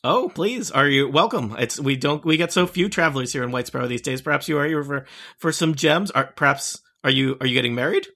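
Guy doing a nervous little gnome shopkeeper, bright kinda raised voice, fussy and stumbly. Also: on the high side, brisk, vocal fry, full character voice. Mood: eager. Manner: fussy, hesitant, stumbling over words. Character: small male gnome gem merchant, fretful and polite.

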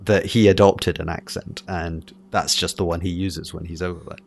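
A man's voice: low-pitched, flat delivery, normal speed, creaky, slight background noise. A man with an accent that is part Scottish and part English, chatting casually and rambling with many fillers and restarts. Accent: mixed Scottish and English. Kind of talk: casual chat.

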